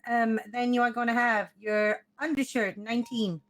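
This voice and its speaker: A woman's voice: on the high side, steady tone, unhurried. A woman playing an officer, walking cadets through their uniforms step by step in a matter-of-fact way, sounding just woken up. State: just woke up. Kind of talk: casual role-play instruction.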